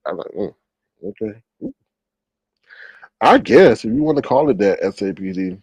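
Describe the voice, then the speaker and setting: A man's voice: fairly low pitch, big pitch swings, moderate pace, pauses often, darkish tone, breathy edge, no room sound. A man telling a story in casual commentary, gossipy, with dramatic exclamations. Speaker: commentary vlogger.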